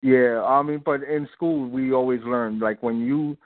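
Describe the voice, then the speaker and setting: Speaking at a measured pace in a mid-range voice, a man appears as a guest filmmaker on a radio show, calling in on a phone that sounds dry and tinny with slight background noise. His talk is casual, rambling and repetitive, broken up by frequent laughter.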